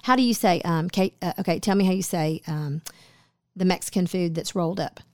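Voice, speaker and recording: A woman's voice: on the low side, fairly quick, darkish tone, dry recording, clean studio sound. A woman co-hosting a casual radio talk show, chatty and teasing as she quizzes her co-host.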